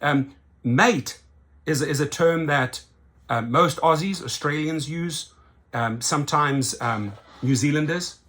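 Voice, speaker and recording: A man's voice: fairly high pitch, slow pace, fairly bright tone. A man from South Africa hosting a rideshare channel, giving emphatic opinion commentary and often tagging his points with "right?".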